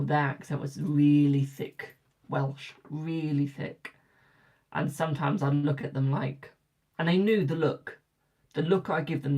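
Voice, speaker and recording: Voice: medium pitch, creaky, darkish tone. A young adult tarot reader from Britain chatting casually with live viewers, rambling and repeating phrases for emphasis.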